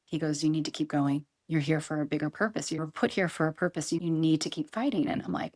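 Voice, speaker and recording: A woman's voice: low voice, fairly even intonation, fast, few pauses, a little mellow. A middle-aged woman speaking earnestly as an interview guest, often repeating herself and quoting her own thoughts. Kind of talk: emotional interview conversation.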